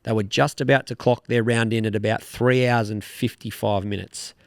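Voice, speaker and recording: A man's voice: mid-range voice, steady tone, normal speed, creaky, no room sound, clean studio sound. A young Australian man co-hosting a podcast, chatting casually in a rambling, laid-back way, swearing now and then. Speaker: podcast co-host. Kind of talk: casual chat.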